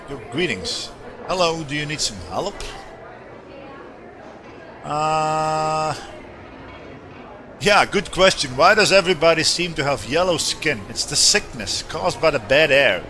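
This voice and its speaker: A male streamer in casual gameplay commentary, rambling and joking as he reads game text aloud. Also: fairly high pitch. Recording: steady background noise.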